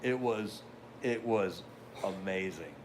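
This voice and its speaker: Older male podcast host, lowish voice, loose and rambling anecdotal delivery with dry asides, faint background noise. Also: slow. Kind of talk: casual storytelling.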